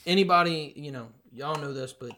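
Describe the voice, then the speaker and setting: A man with a slightly higher voice talks brashly on a podcast in a garage. He swears freely and keeps cracking jokes. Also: fairly quick, pushed and bright. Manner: brash, profane, joking. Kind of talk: casual chat.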